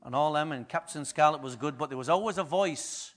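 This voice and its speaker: High, bright-voiced preacher. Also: male voice, a little fast. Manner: lively storytelling, acts out quotes and swings from hushed to loud. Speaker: pastor. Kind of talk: sermon.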